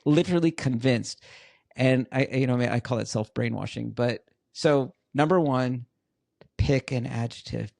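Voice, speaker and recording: A middle-aged man talks as a podcast guest, with a gravelly, creaky edge to his voice. He tells his stories earnestly and repeats words for emphasis. The sound is dry and close. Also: medium pitch, a little mellow, dry recording. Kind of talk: casual interview chat.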